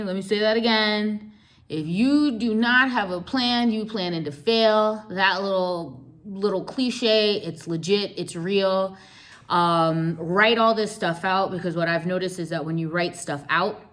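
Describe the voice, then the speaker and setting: A woman host giving an emphatic business talk, repeating key words and checking in with "right?". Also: lowish voice.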